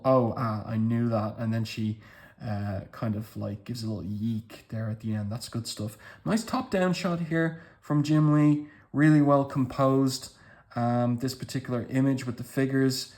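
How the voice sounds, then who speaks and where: A man's voice: medium pitch, a little mellow. A man giving casual commentary as he walks through comic book pages panel by panel, with appreciative remarks.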